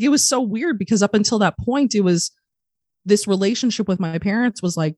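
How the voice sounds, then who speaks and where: On a podcast, a young adult woman guest tells a personal story candidly, profanely and with animation, doing the voices of the people involved. Her voice is medium-pitched and fairly quick, in clean studio sound with no echo.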